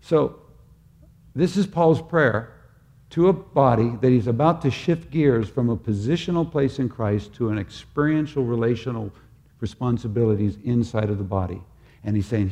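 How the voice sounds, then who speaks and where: Gravelly man preaching a sermon. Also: mid-range voice, normal speed. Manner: swings between loud emphatic peaks and quiet intimate prayer. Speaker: pastor.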